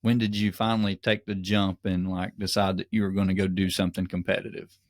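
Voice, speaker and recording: Low-voiced encouraging male podcast host. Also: level tone, brisk, no room sound, studio quality. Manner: encouraging, supportive, many fillers. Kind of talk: casual interview chat.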